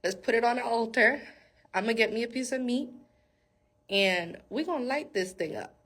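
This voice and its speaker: A woman voicing a bold male prophet who taunts his rivals in a teasing, cocky way, with a husky voice. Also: a little high, moderate pace, fairly bright tone. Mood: taunting.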